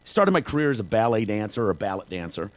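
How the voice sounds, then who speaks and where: A man's voice: on the low side, sing-song, quick pace. Joking man telling stories on a podcast. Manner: jokey storyteller, slips into silly put-on accents. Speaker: podcast co-host. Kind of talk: casual comedic chat.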